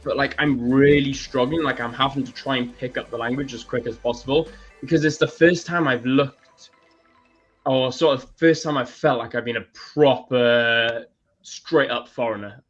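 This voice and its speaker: A man telling travel stories in a casual live-stream chat, lively and quick to laugh. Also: medium pitch, muffled recording, soft background music. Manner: animated storyteller, laughs often. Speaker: co-host. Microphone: video call or stream setup.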